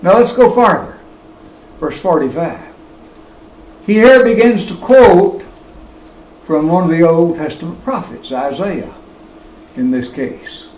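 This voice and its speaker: A man preaching a sermon, slow and emphatic, with wide swings of pitch and loudness. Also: lively intonation, reverberant, poor audio.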